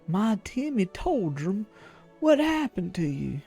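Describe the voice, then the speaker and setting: A man's voice: high voice, very animated, slow pace, creaky, dark tone, soft background music, pitched above the performer's own voice, exaggerated voice. A man voicing a fussy, motherly older woman in a game who dotes on her cat and calls everyone dearie. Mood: doting. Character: doting older woman, a cat-loving shopkeeper. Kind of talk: game dialogue read-aloud.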